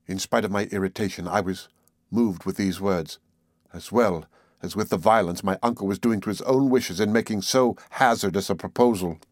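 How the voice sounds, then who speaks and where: A man reading a classic novel aloud as audiobook narration, in a measured, even delivery. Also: fairly low pitch, no room sound, clean studio sound. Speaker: audiobook reader. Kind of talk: scripted narration.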